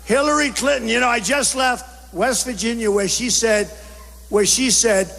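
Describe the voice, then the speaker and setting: A man's voice: very high-pitched, moderate pace, gravelly, a bit bright. A man giving a campaign rally speech in punchy, repetitive short phrases, bombastic and rousing. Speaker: political speaker at a rally. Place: large indoor rally venue. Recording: echoey hall with faint crowd noise.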